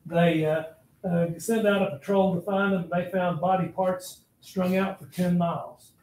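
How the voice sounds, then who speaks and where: A man with a fairly high voice teaches history to his class as a dramatic story, blunt and animated, and turns straight to the students again and again. The room echoes, with faint noise underneath. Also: a little slow.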